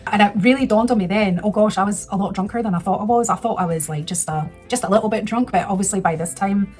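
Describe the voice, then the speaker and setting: A woman in her thirties chats through a personal story, rambling and restarting, getting emotional as she goes. Her voice sits at an ordinary middle pitch. Faint music plays in the background. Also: fast, a little mellow. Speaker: vlogger. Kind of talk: casual storytelling.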